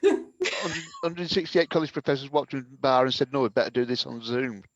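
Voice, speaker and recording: A man's voice: medium pitch, fairly quick, no echo. A man telling short improvised bar jokes in a dry, offhand way. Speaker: improv performer. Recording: dull lo-fi audio.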